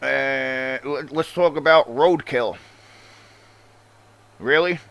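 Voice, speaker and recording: A man's voice: medium pitch, normal speed, a bit bright. A man ranting casually as a wrestling show host, sarcastic and full of swearing, calling the listener bro. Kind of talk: casual rant.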